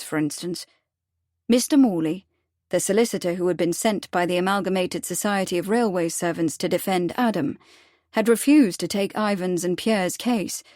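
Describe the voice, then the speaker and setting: A woman reading a period mystery audiobook in a measured, even scripted narration. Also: mid-range voice, dry recording, studio quality.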